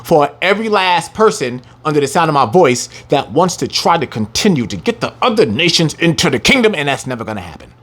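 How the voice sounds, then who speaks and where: A man delivers a scripture lesson in a fairly high voice that leaps up and down. He mocks his listeners bluntly, swears freely, and slows right down to stress each word of the verses he reads. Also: very animated, a bit bright. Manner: brash and profane, taunting the listeners; reads verses slowly with heavy emphasis. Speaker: scripture teacher.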